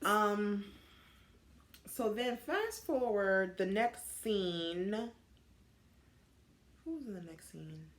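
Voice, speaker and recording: Mid-pitched woman recapping a show. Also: animated, drawn-out words, long pauses. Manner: narrates scenes, laughs along. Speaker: podcast co-host. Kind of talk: casual TV recap chat.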